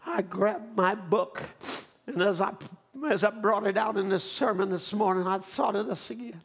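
A male pastor preaching a sermon, moving from quiet storytelling to loud, fervent preaching. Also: sits high, steady tone, normal speed, creaky. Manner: swings from quiet storytelling to shouted fervor.

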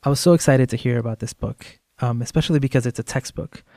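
A man hosting a podcast, introducing his guest eagerly, with filler pauses. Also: mid-range voice, creaky, dark tone, no room sound, clean studio sound. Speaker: podcast host. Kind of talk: podcast narration and interview.

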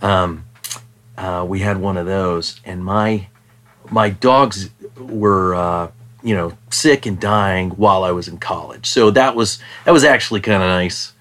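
A man with a lowish voice, talking quietly and thoughtfully. He hesitates often and fills the gaps with ums as he recalls a story. The tone is relaxed, casual conversation. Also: measured pace. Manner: reflective, softer and hesitant with many ums. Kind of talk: casual chat.

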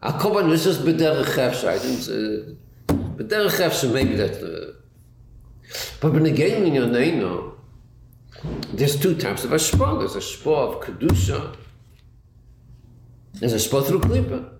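A man's voice: medium pitch, sing-song, unhurried, gravelly, long pauses. A man teaching a Chassidus class, asking rhetorical questions and repeating words as he thinks it through. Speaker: Torah teacher. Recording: echoey room with faint noise.

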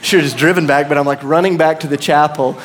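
A man's voice: fairly high pitch, steady tone, quick pace. A man in his thirties with an American accent, preaching a sermon as pastor and telling a story with self-deprecating humor.

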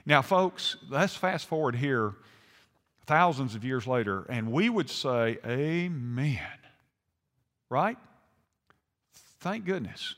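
A man's voice: mid-range voice, big pitch swings, takes it slowly, long pauses, a bit bright. A man preaching a sermon in a folksy, conversational way, acting out quotes with rising intensity. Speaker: pastor. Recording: long hall reverb.

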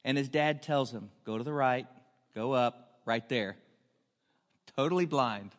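A man's voice: mid-range voice, unhurried. A man preaching a storytelling sermon, earnest and building to emphatic questions. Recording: long hall reverb.

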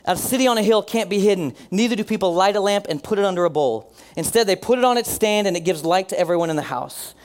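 A male pastor delivers a sermon in an earnest preaching voice that sits a little higher than most men's. He leans into key phrases by slowing down and letting his voice fall quiet, then calls on the congregation to repeat lines back to him. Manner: earnest preaching, slows and drops his voice for emphasis; leads the congregation in call-and-response.

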